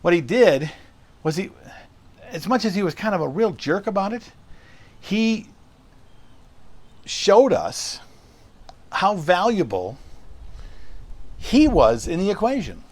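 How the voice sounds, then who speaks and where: Man posing rhetorical questions, slightly high voice. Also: big pitch swings, slow pace, pauses often, a little mellow. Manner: conversational, rhetorical questions, storytelling. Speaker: podcast host. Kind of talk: solo podcast monologue.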